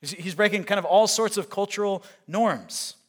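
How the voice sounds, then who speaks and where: A male pastor delivers a sermon in a conversational storytelling way, paraphrasing scripture for his listeners. His voice sits a little higher than most men's. He talks through the story rather than declaiming it. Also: normal speed, a bit bright.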